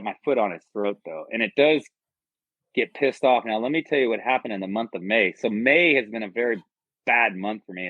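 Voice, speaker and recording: A man's voice: fairly low pitch, dry recording. A man from the United States, a podcast guest and army veteran, telling a personal story in a rambling, profane, earnest way. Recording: dull lo-fi podcast audio.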